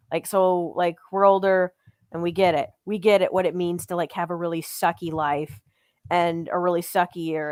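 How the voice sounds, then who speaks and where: A woman's voice: on the low side, no room sound, studio quality. A woman in her thirties co-hosting a podcast, speaking earnestly and reassuringly to the chat. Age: 30s. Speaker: podcast co-host.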